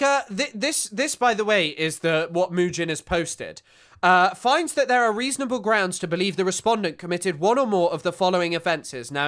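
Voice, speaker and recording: Bright-voiced scornful man. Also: a little high, clear, resonant tone. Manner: scornful, talks over the clip, laughs often. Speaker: streamer reacting to a clip. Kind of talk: casual commentary.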